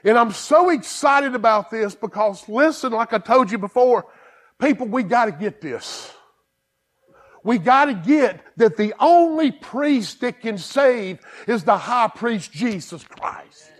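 A man preaching a sermon as pastor, excited and emphatic, repeating and restarting phrases. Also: very high voice, takes it slowly.

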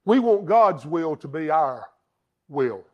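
A man who pastors a church, preaching a sermon with emphatic swings from loud declarations to hushed asides. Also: on the high side, sing-song, slow, highs cut off. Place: church sanctuary.

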